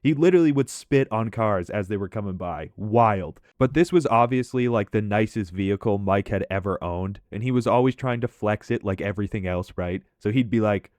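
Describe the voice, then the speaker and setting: A man casually telling funny stories about an old coworker as commentary over gameplay, talking in a lively, profane way. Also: fairly low pitch, a little fast, hardly any pauses, no echo, clean studio sound. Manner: animated, profane, conversational. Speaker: gaming commentator and storyteller.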